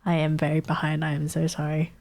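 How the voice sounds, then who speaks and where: A woman's voice: deep voice, monotone, fast talker, gravelly, a little mellow. A young woman streamer with a stuffy nose and sore throat, chatting casually and answering her chat. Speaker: live streamer.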